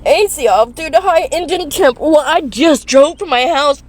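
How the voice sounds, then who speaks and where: A woman in her fifties who drives for rideshare and delivery sits in her parked car in a fast-food lot, crying and venting into her phone. Her high-pitched speech is halting and distressed, broken by swearing and nervous laughter.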